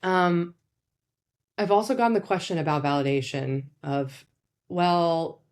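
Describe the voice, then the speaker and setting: A woman psychologist talks through her advice in a relaxed, conversational way, her speech peppered with "like" and "right?". Her voice sits a little low for a woman. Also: moderate pace. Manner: conversational, many "like" and "right?" fillers. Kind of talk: casual explanatory talk.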